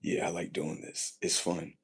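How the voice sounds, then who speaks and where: A man with a very low voice and a husky, grainy edge talks casually to his livestream. He rambles and repeats himself, swears often, and shifts between low muttering and louder, punchier bursts. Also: level tone, unhurried. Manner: rambling, repetitive and profane, drifting between muttering and loud emphasis. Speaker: livestream host.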